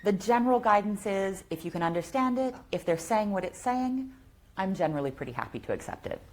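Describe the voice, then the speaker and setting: A woman speaking at a tech conference, answering audience questions in an eager, quick and chatty way. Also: mid-range voice, lively intonation, darkish tone.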